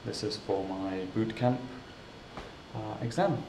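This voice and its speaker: A man teaching pronunciation, spelling out letters and repeating words slowly as a classroom drill. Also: on the low side, gravelly, background noise. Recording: roomy echo, voice from a distance.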